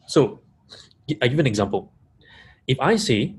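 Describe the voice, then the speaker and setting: A man's voice: mid-range voice, sing-song, unhurried, breathy edge. A man giving a webinar talk to coaches, repeating key points and stressing single words. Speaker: coaching trainer. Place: live audience room.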